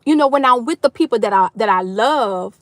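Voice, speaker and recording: A middle-aged woman from New Orleans with a New Orleans accent, chatting loudly and animatedly with viewers on her livestream. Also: a little high, fairly quick, no room sound. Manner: loud, animated Southern talk with lively swings. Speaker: livestream host. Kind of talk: casual chat reading viewer comments.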